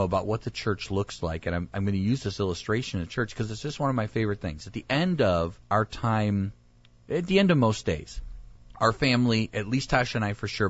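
Animated male pastor telling stories. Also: lowish voice, no echo, lo-fi sound. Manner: animated storyteller, acts out quoted voices. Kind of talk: casual chat.

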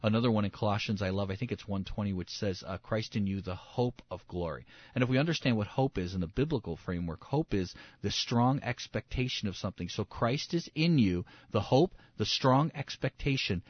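A male pastor preaching a sermon, swinging between loud emphasis and soft hushed asides, acting out quoted voices. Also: fairly low pitch, lively intonation, a little fast, few pauses, no echo, lo-fi sound. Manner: acts out quoted voices and inner dialogue.

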